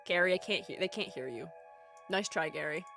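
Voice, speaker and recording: A woman's voice: fairly low pitch, fairly quick, fairly bright tone, soft background music. A young woman chatting casually on her live stream, rambling and playful, often breaking into giggles. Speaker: streamer and art educator.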